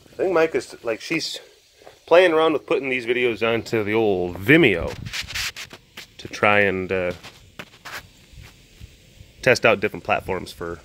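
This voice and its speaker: A man's voice: lowish voice, a little hiss or hum. A young man vlogging casually from an animal sanctuary, rambling with lots of fillers. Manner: rambling, lots of fillers, drops to a soft coo when talking to the cats. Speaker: big cat sanctuary vlogger. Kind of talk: casual chat to camera.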